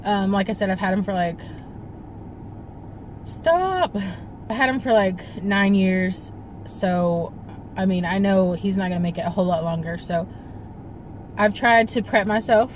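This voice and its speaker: A woman's voice: mid-range voice, steady tone, moderate pace, a little hiss or hum, low-quality recording. Young woman vlogger, rambling and tearful. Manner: rambling, full of fillers, fighting back tears. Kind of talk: casual personal vlog storytelling. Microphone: phone camera.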